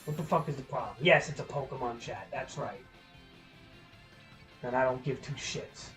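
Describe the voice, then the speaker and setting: A man's voice: medium pitch, moderate pace, a bit bright, soft background music, poor audio. A man livestreaming and ranting to his chat, profane, heated and opinionated, rambling with restarts. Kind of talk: live-stream ranting to chat.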